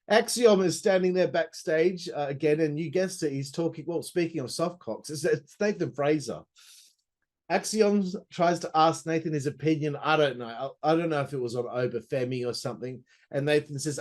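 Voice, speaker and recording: A man hosts a casual wrestling review in a voice that sits a touch high. He rambles through the recap and keeps dropping crude joking asides. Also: fairly quick. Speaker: host.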